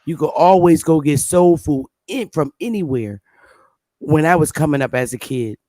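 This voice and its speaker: A woman's voice: sits low, normal speed, dark tone. Woman, blunt host, emphatic, repeats herself, dry close sound, no room echo. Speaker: show host. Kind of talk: casual opinionated chat.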